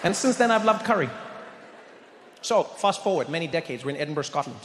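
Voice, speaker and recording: A man from Africa, performing an animated stand-up set and acting out voices. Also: fairly high pitch, a little fast, in a large hall, a faint crowd, slight background noise. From South Africa. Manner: storytelling, animated, acts out voices. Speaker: stand-up comedian. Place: stage in a large venue.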